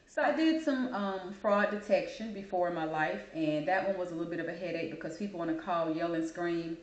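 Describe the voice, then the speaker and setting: A woman's voice: on the low side, brisk, muffled recording. Sassy woman ranting in an echoey room. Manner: sassy, animated, calls listener "baby". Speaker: host. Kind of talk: casual opinion monologue.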